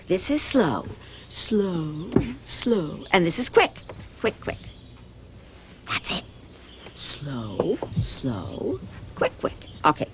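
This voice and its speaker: Animated sing-song woman storyteller. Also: medium pitch, a little hiss or hum. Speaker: children's show host and storyteller. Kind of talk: reading a story to children and teaching a dance.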